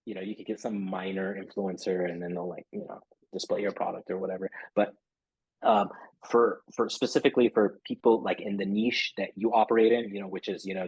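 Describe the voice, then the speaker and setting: A man's voice: low-pitched, a little mellow, breathy edge, dry recording, poor audio. A man talking casually as a guest in an interview, rambling and filling his talk with "you know" and "right?". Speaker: podcast guest, SEO marketer.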